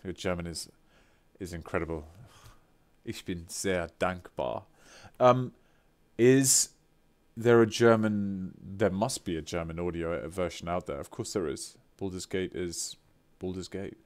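Brief: British male streamer, lowish voice, chatty, excitable, theatrical bursts. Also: a little slow. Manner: excitable, reading viewer messages aloud with playful theatrical outbursts. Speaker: voice actor streaming a game. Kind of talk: live-stream chat with viewers.

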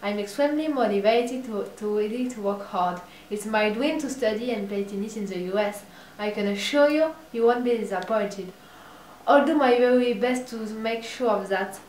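A woman's voice: fairly high pitch, a little mellow, a little hiss or hum. Eager teenage French girl, roomy echo. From France. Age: teens. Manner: eager, earnest, slightly halting. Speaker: student athlete recruit. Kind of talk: recruiting video self-introduction. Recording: echoey room, far from mic.

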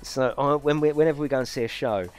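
A man's voice: medium pitch, fast. A man hosting a live racing stream from his home rig, chatting casually with viewers, swearing and exaggerating as he talks.

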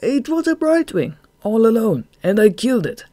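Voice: mid-range voice, big pitch swings, normal speed, dark tone, no room sound, pitched above the performer's own voice, close to an everyday voice. A reader voicing a dim, nervous bat henchman. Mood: guilty. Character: dim, anxious male giant bat henchman. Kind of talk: audiobook character voice.

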